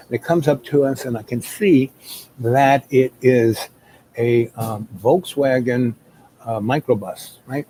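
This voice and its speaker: Male storyteller, mid pitch, relaxed warm tone, casual rambling delivery. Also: measured pace, a little hiss or hum, poor audio. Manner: rambling, many fillers and restarts.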